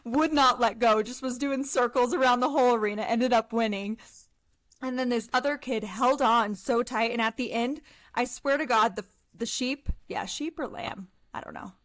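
A woman's voice: fairly high pitch, moderate pace, a bit bright, dry recording. A young adult woman from Colorado, co-hosting a podcast and telling stories in a bubbly, enthusiastic casual chat. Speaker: podcast co-host.

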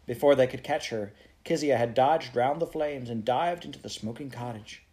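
A man reading a children's novel aloud in a steady storytelling manner. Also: medium pitch, normal speed, hardly any pauses. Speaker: audiobook reader.

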